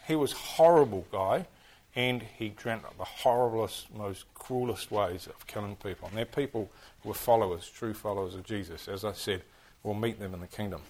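A man with a New Zealand accent teaching a class, lively and full of questions to his listeners. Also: mid-range voice. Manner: animated, keeps firing questions at the class. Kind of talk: interactive history class on church history.

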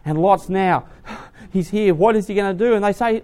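Guy preaching, tells the story big, goes quiet then loud, voice a bit high. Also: brisk. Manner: dramatic storytelling, swinging from hushed to loud. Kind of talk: sermon.

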